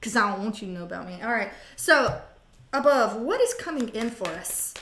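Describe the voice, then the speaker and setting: A woman with a high voice gives a casual live tarot reading, chatty and jokey, rambling from one aside to the next and swearing freely. Her voice bounces around an echoey room. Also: lively intonation, brisk, fairly bright tone, a little hiss or hum. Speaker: tarot reader.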